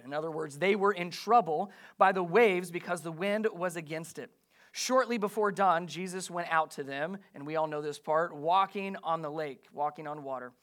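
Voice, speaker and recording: A pastor with a notably high-pitched voice delivers a conversational sermon. He talks casually to the congregation, reads scripture aloud and keeps tossing them questions to answer. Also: normal speed, a bit bright.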